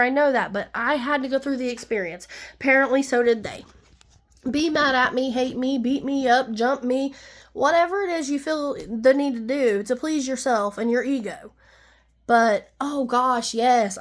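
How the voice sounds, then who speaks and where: A woman's voice: sits high, normal speed, fairly bright tone. A woman vlogger in a heated, rambling personal monologue, talking emphatically.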